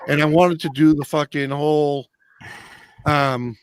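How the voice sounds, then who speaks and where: A man's voice: a little high, fairly even intonation, a little slow, clear, resonant tone, dry recording. A man hosting a casual video-call hangout, talking loosely, rambling and swearing. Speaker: host. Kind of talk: casual chat.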